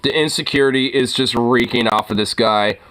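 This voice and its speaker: A young man giving casual, profane reaction commentary on a video, incredulous and quick to laugh. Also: medium pitch, fairly bright tone, slight background noise. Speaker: reaction streamer.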